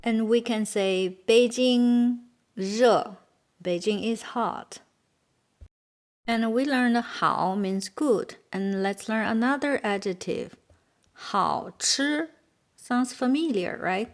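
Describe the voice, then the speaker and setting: A woman with a Chinese accent, a native Chinese speaker, teaching a beginner language lesson and patiently repeating words slowly for learners. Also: on the high side.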